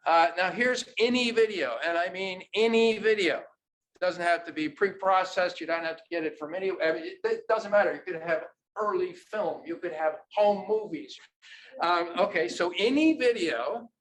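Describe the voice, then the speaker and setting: A man's voice: sits high, normal speed, fairly bright tone, poor audio. A man giving an informal conference talk, often checking in with "right?". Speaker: academic presenter. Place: conference room.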